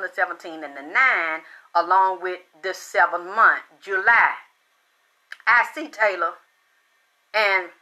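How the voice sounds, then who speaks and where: Sharp-voiced woman, blunt and excitable. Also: on the high side, low-quality recording. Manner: blunt and profane, excitable, repeats herself. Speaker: spiritual reader and channel host. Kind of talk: casual storytelling monologue.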